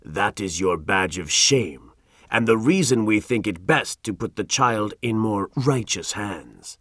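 A stern, judgmental colonial governor, as a male narrator puts him on, laying down the law in a fairly low, commanding voice. The sound is dry and close. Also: animated, unhurried, fairly bright tone, no echo.

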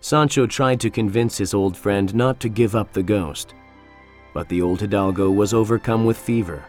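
Low-voiced man narrating a storybook. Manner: calm, measured storytelling. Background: faint music.

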